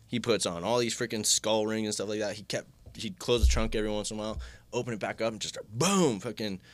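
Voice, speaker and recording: A man with a very low voice tells a personal story in a loose, rambling way, leaning on filler words and swearing as he goes. The sound is close and dry, with no room echo. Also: fast talker.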